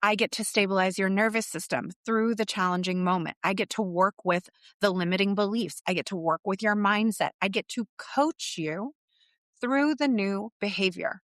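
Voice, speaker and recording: A middle-aged woman, a business coach, telling a story in a podcast monologue and acting out her clients' inner voices with animated shifts. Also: medium pitch, moderate pace, no room sound, studio quality.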